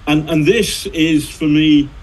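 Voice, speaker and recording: A man's voice: a little high, steady tone, slow, darkish tone, rough recording. A middle-aged man, a journalist and author, telling anecdotes in a rambling way, full of fillers and restarts. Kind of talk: conversational storytelling.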